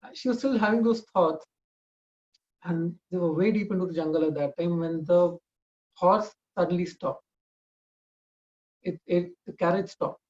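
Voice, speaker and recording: A man's voice: high-pitched, normal speed, pauses often, darkish tone, dull audio. A man telling a family story informally, talking conversationally with frequent restarts.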